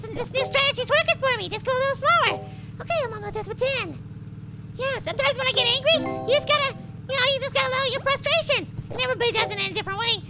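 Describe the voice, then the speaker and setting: A tiny male cartoon apple plays a game in a shrill, extremely high voice with a gravelly edge. He is excitable and quickly frustrated, and he blurts out silly alliterative exclamations. Loud music plays underneath him. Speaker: let's play gamer. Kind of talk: cartoon character game commentary.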